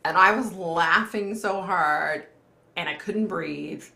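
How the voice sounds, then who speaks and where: A middle-aged woman hosts a casual live chat, laughing easily and reading comments as she goes. Her voice sits low with a gravelly edge but sounds bright and forward. The room around her is echoey. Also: slow. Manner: chatty, laughs often, reads viewer comments aloud. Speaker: livestream host.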